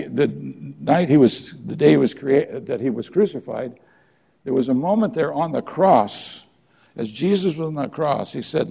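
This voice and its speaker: Male pastor preaching in church, super gravelly, husky and low-toned, gets loud then soft. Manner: earnest preaching with rising emphatic peaks and quiet drops. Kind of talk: sermon.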